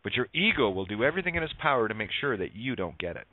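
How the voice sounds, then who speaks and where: Male radio host, preachy and sarcastic, swears, animated voice on a dry phone line. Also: lowish voice, racing, dry recording. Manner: emphatic, sarcastic, preachy, swears, plays on words. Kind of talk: spiritual monologue on a talk radio show.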